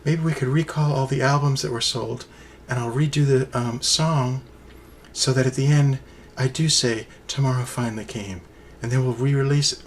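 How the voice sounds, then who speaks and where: A man voicing a weepy, soft-spoken female pop singer who answers meekly and quietly. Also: medium pitch, fairly even intonation, normal speed, slight background noise, close to an everyday voice. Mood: meek, tearful.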